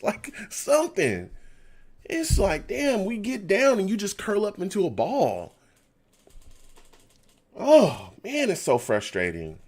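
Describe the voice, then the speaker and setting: A man hosts a live fan stream and reacts to a football game as it plays out. He vents his frustration and reads chat messages aloud. His pitch is very animated, and his level swings from low muttering to loud ranting. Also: slow pace, long pauses. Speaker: fan livestream host.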